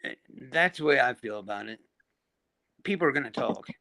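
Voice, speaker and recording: A man's voice: medium pitch, animated, brisk, gravelly, crowd noise. A man co-hosting a live panel chat, blunt and exasperated, swearing freely. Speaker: panel co-host. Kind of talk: casual chat.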